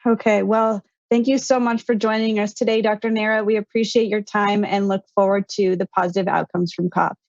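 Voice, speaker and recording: A woman's voice: mid-range voice, little pitch movement, brisk, few pauses, darkish tone, dry recording. A woman moderator giving a formal, scripted handover to the next speakers. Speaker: event moderator. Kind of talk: scripted presenting. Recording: dull dry lo-fi audio.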